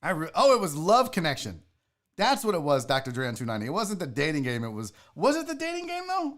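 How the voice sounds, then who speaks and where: A man's voice: a little high, huge pitch swings, fast talker, a bit bright. A man hosting a live sports talk show, ranting heatedly and swearing freely, a bit tipsy from drinking.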